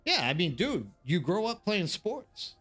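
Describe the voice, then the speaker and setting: A man with a high, husky voice that sounds pushed and bright swings widely in pitch while speaking unhurriedly. He's hosting a live stream from South Korea, where he lives as an expat, casually telling his chat rambling stories filled with fillers and restarts.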